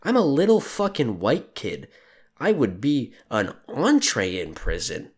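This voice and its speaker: A sleep-deprived young Canadian man hosts a podcast alone, delivering a crude, sardonic, profane rant. His medium-pitched voice is very animated and moves at a normal speed.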